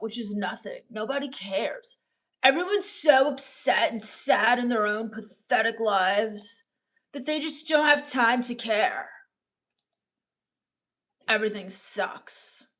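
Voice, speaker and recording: A woman doing a mopey sixteen-year-old goth girl. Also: a little high. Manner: mopey, deadpan and scornful. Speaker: comedian streaming live. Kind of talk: live-stream character comedy reading chat.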